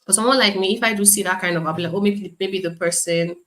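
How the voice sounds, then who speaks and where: A woman's voice: medium pitch, fairly even intonation, quick pace, fairly bright tone. A woman from Nigeria teaching a live online class in a conversational way, repeating her points and answering chat comments. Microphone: computer mic on a live stream.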